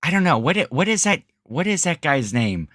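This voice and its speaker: A man's voice: fairly high pitch, very animated, brisk, fairly bright tone, no echo, studio quality. A middle-aged man co-hosting a podcast in casual chat, rambling, self-correcting and laughing often. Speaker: podcast co-host.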